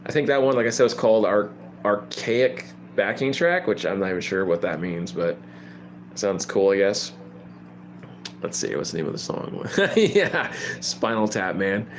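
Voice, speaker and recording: A man's voice: lowish voice, expressive, normal speed, slight background noise. A man in his thirties hosting a casual guitar livestream, laid-back and chuckling, saying "man" and "dude" a lot. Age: 30s. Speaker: livestream host.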